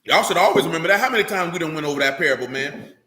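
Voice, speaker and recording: A man's voice: on the high side, animated, racing, sharp tone, roomy sound. Blunt, slangy man preaching. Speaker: religious teacher. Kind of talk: informal streetwise sermon.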